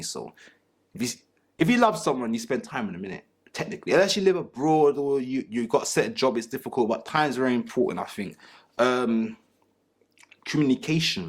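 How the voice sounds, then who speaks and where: A young-sounding man on a discussion panel, riffing in crude slang and joking rants. His voice sits at an ordinary middle pitch, loose and animated as he talks. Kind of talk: casual panel talk.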